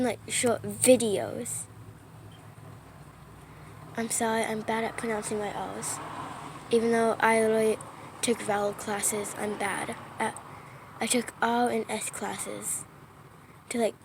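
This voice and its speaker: A woman's voice: medium pitch, level tone, unhurried, vocal fry, noisy background. A young woman chatting casually to her camera indoors by a window, apologetic and often dropping to a whisper. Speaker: vlogger. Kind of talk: casual vlog narration. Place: indoors by a window during a storm. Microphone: phone or tablet camera.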